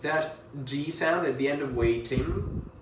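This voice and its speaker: A man with a British accent coaching pronunciation one-on-one, modelling words slowly and encouraging the learner. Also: fairly high pitch, roomy sound, far from the mic, noisy background. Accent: British English. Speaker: English pronunciation tutor.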